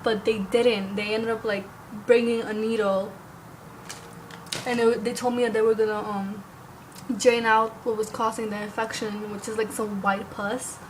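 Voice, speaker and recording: A woman's voice: a little high, level tone, normal speed, a little hiss or hum, poor audio. A young woman telling a story to camera in a casual, rambling way, filling her talk with "like" and the odd curse word. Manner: rambling, heavy use of "like", occasional cursing. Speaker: vlogger.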